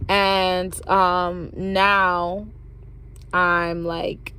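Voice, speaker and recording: A woman's voice: lowish voice, flat delivery, drawn-out words, bright, forceful tone, clean tone. A young woman telling a personal story in a casual vlog, slangy and profane, with "like" in nearly every sentence. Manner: slangy, profane, fills talk with "like". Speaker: vlogger.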